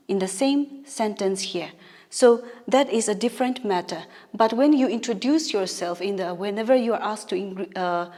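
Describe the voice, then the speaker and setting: A woman's voice: fairly high pitch, darkish tone. Naga woman teacher in an echoey room. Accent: Naga English. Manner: patient, explaining with frequent "all right?" checks. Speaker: English teacher. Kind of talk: classroom lesson. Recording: reverberant room with long echo.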